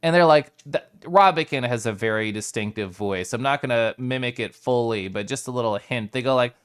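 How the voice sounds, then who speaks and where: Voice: medium pitch, brisk, few pauses, clean tone. A live streamer chatting casually with viewers in a playful way, laughing often and greeting viewers by name.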